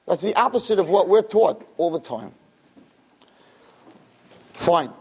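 High-pitched male teacher giving a lively Torah lesson to a roomful of listeners. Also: normal speed, long pauses, husky. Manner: animated, acts out dialogue with big pitch swings; Hebrew verses read then translated. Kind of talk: Torah class lecture to a live audience. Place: room with listeners.

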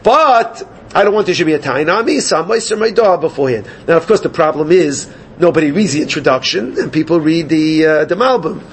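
A man teaching a Gemara class, animated and questioning his students. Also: on the high side, brisk, slight background noise. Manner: animated, questioning students, mixes Yiddish and Hebrew terms. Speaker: Talmud teacher.

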